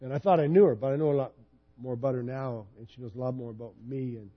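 In a recording with the highs cut off, a pastor in his fifties preaches fast in a medium pitch. He tells personal stories conversationally, and his delivery grows animated as he retells them.

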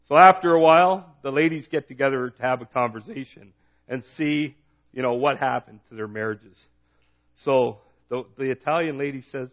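A man's voice: mid-range voice, moderate pace. A man in his forties preaching a sermon, telling a joke and then driving home his point with emphatic repetition. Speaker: pastor. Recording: dull lo-fi recording.

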